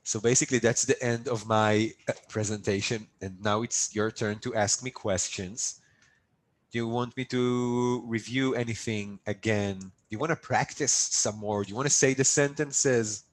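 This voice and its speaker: A man's voice: lowish voice, steady tone, normal speed, rough recording. A man teaching a live online language lesson, upbeat and coaxing his students to repeat drills after him over a video call. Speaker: Hebrew teacher.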